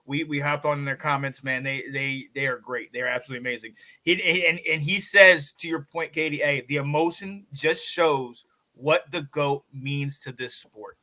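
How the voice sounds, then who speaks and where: A man's voice: on the high side, normal speed, sharp tone. A man hosting a casual sports podcast, playful and encouraging, throwing questions to his guest. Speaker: podcast host.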